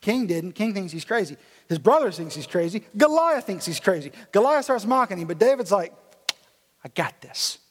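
In an echoey church hall, a pastor retells a story during his sermon. He speaks in a high voice, fairly quickly, with animated, casual, slangy delivery.

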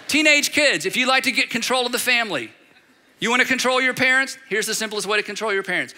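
A pastor preaching an animated sermon, driving points home through repetition and acted-out quotes. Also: male voice, very high-pitched, quick pace. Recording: long reverb of a large hall.

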